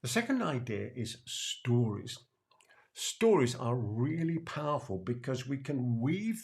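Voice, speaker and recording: An older man with a British accent talks straight to the viewer, his pitch rising and falling a lot. His voice has a gravelly edge. He slows down to repeat key lines and drops in playful asides. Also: very animated. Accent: British English. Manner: emphatic, repeats key phrases slowly for effect. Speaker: sales trainer. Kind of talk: direct-to-camera teaching talk.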